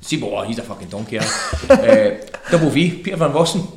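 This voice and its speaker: A man's voice: medium pitch, expressive, a little fast, reverberant, background noise. A man with a Scottish accent, a former footballer telling laughing, sweary stories in a casual football chat.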